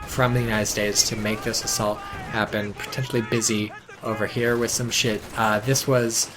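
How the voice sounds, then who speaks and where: A man casually casting a strategy game match, chatty and sardonic, with sudden excited outbursts. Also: fairly low pitch, moderate pace. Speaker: game commentator. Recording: noticeable background noise.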